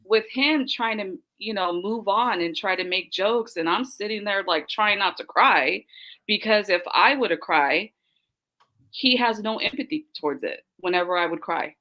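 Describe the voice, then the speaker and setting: A young woman in casual podcast chat, telling her story with animated quoted voices. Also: medium pitch, normal speed, rough recording. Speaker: guest.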